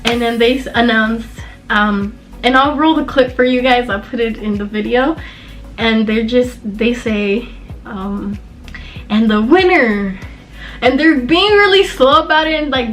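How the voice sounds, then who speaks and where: A woman's voice: a little high, a bit bright, low-quality recording. A young woman from Southern California telling a personal story in a casual, chatty way, full of fillers. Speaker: vlogger.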